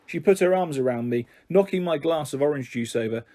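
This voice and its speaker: Male storyteller for a children's novel; calm, even, mellow delivery. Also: a little high, brisk. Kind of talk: reading a children's novel aloud.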